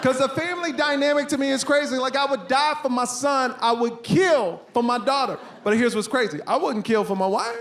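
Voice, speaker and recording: A man performing an animated stand-up comedy routine on a live stage, bursting out loudly on punchlines. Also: very high-pitched, fairly quick, few pauses, crowd noise. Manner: animated storytelling, loud outbursts for punchlines. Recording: live stage recording with audience noise.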